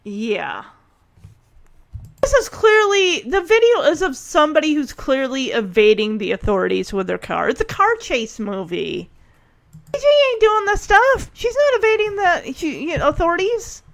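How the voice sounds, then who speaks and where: A woman with a high, bright-sounding voice talks through a TV episode in a relaxed, chatty way. She retells scenes with animation, acting out the characters' lines, and her talk is full of fillers and restarts. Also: moderate pace, creaky. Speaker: reaction video host. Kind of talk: casual commentary on a TV episode.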